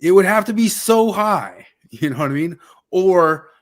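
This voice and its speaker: A man's voice: high-pitched, animated, unhurried. A man hosting a casual podcast chat, rambling and hedging with lots of fillers. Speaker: podcast host.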